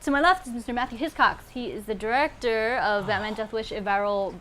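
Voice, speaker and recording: A young woman hosting a live panel webcast from a studio, reeling off quick, jokey introductions and laughing often. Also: on the high side, fairly bright tone, slight background noise. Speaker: show host.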